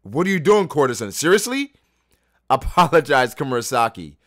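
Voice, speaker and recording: A man reading a manga aloud and voicing a paranoid, boastful shogun who shouts indignantly. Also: mid-range voice, sing-song, normal speed, dry recording, clean studio sound, pitched above the performer's own voice. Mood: angry shouting.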